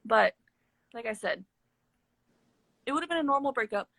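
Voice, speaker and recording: A woman with a husky, slightly breathy voice recounts a story on a live stream in casual chat. She talks candidly and swears freely. The sound is dry and close. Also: on the high side, expressive, moderate pace, a bit bright, no room sound. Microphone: phone on a live stream.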